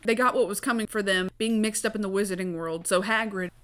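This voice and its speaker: A woman's voice: medium pitch, fast talker, fairly bright tone, clear, resonant tone. A young woman with a scratchy throat from a coming cold, retelling a book chapter by chapter in a chatty, casual way and swearing now and then. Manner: chatty, swears casually, briefly mimics characters. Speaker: book breakdown video host.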